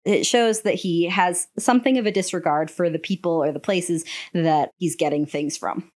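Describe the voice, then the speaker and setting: A woman's voice: lowish voice, normal speed, a little mellow. A woman co-hosting a casual film-theory podcast, retelling scenes and laughing often. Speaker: podcast co-host.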